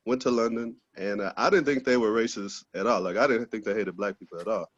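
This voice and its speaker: Profane comic on a dull call. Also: male voice, on the low side, quick pace, no echo. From Texas, USA. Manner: loose, profane, laughs at own jokes. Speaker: stand-up comedian. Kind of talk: stand-up set over video call. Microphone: video call.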